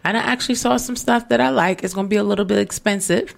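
A woman co-hosting a casual heart-to-heart talk show, telling animated stories and acting out other people's voices. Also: medium pitch, fast, creaky. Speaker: podcast co-host.

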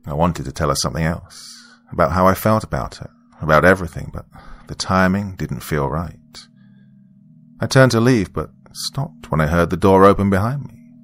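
A man narrating a first-person story in a calm, measured, reflective way. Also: low-pitched.

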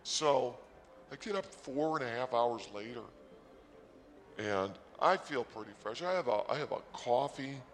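A man podcaster telling a rambling comic story, swinging erratically between mumbling and shouting, recorded at a rest stop. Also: mid-range voice, lively intonation, a little slow, long reverb tail. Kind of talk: rambling comedic monologue.

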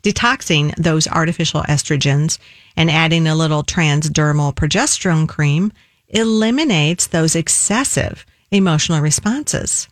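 A woman radio host with a fairly low voice explains things in a measured, steady way. The studio sound is dry and close, with no room echo. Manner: measured, warm explaining, slows down for phone numbers. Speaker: nutritionist co-host. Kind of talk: radio show talk.

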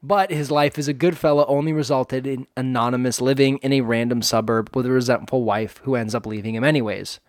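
A man's voice: medium pitch, fairly even intonation, fairly quick, few pauses, no room sound, studio quality. A man co-hosting a casual movie podcast, reading plot summaries with jokey asides. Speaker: podcast co-host. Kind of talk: casual movie review chat.

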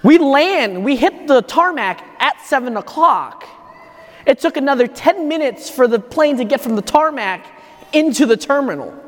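A man's voice: very high voice, animated, normal speed. A man, a priest, giving a homily at Mass, telling a story in a loose, conversational way as if thinking aloud. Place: church. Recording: echoey church reverb.

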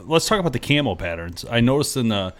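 Radio host, man, mid pitch, halting questions. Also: sing-song.

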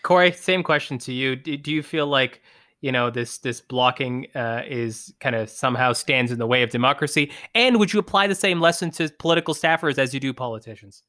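A Canadian man moderating a podcast, asking lively, halting questions. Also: medium pitch, dry recording, studio quality.

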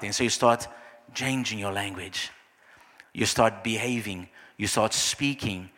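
A man preaching a sermon as pastor, acting out little scenes in soft, low voices. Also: animated, normal speed. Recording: long hall reverb.

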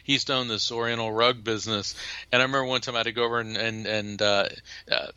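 A man who is a guest in an interview, talking as a lively, emphatic storyteller. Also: mid-range voice, quick pace, clear, resonant tone, no echo, highs cut off. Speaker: psychic medium and lawyer, guest. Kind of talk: interview conversation.

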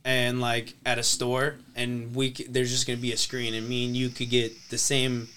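A man's voice: mid-range voice, normal speed, a little hiss or hum. A man co-hosting a podcast in casual, profane chat, acting out bits as he tells stories. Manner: animated, profane storytelling with acted quotes. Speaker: podcast co-host. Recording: studio podcast mic.

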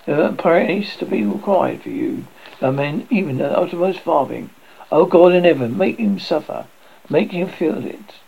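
A man's voice: fairly high pitch, animated, normal speed, creaky, slightly rough, phone-quality sound, exaggerated voice. A man voicing a bitter, grieving old woman servant who talks in rustic country speech and hurls accusations. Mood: vengeful.

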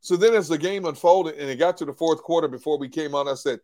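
A man talking as an analyst on a post-game show, animated, repeating words and acting out quotes from others. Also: on the high side, quick pace. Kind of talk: casual sports talk.

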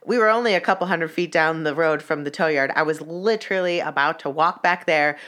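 A young woman tells a story straight to camera in a low-pitched voice. She swears freely, fills her talk with "like," and sounds heated as she goes. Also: fairly quick, a bit bright. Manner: profane, heated, many "like" fillers. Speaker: vlogger. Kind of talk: casual storytelling.

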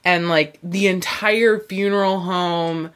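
Animated young woman telling a story. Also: on the low side, takes it slowly. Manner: animated, acts out quoted voices, lots of "like". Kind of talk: casual storytelling chat.

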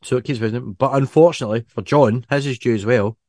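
A man's voice: medium pitch, quick pace, a little mellow, no room sound, clean studio sound. Rambling Scottish man chatting. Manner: rambling with many restarts and fillers. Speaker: podcast co-host. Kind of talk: casual chat.

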